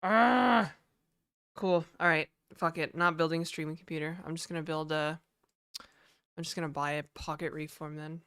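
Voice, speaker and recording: A woman's voice: low voice, little pitch movement, a little fast, a bit bright, smooth, dry recording, clean studio sound. A woman streamer chatting casually to her viewers live, venting and swearing a lot.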